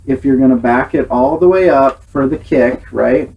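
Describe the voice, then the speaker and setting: A man's voice: mid-range voice, normal speed, vocal fry, a little mellow, slightly rough, muffled recording. A man hosting a casual film review, earnest and exasperated in his critique. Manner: earnest, exasperated critique, sometimes imitates sounds.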